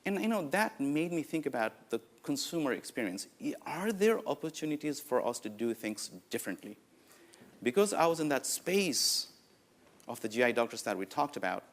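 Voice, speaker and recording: This conference speaker is a man from Nepal in his forties with a Nepali accent and a medium-pitched voice. His keynote is anecdotal and energetic, full of "uh, you know" fillers.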